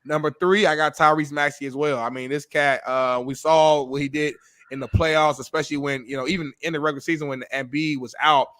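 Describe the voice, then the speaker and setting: A sports show co-host with a bright, fairly high voice, recorded close and dry. He argues emphatically, point by point, with plenty of swearing. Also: fairly even intonation, a little fast, no echo. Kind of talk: sports talk debate.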